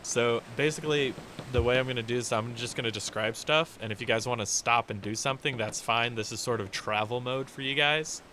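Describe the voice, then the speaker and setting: A man's voice: mid-range voice, fairly quick. Guy running a tabletop game, easygoing, kinda rambly, hissy background noise. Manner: relaxed, rambling descriptions with fillers. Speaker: game master. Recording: noisy home recording.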